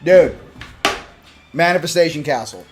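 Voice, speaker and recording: A man from Southern California hosting a spiritual channel, talking casually to camera, animated and laughing, swinging from hushed to loud. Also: a little high, measured pace, over music. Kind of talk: casual direct-to-camera talk.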